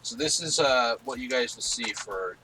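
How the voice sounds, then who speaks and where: A man's voice: mid-range voice, normal speed, slight background noise, poor audio. A man in his twenties chatting casually and teasing his co-host while streaming a game. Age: 20s. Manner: joking, teasing, animated banter.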